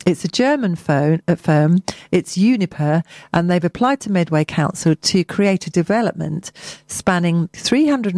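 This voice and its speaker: A woman's voice: on the low side, darkish tone, no echo. A woman co-hosting a chatty show, reading local news items with playful, jokey asides. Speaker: radio show co-host.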